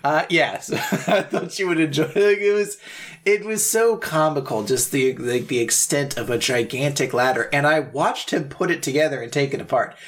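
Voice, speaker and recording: Telling an animated story during a casual podcast chat, this co-host speaks at a moderate pace with a fairly high, slightly bright voice. He acts out other people and throws in sound effects along the way.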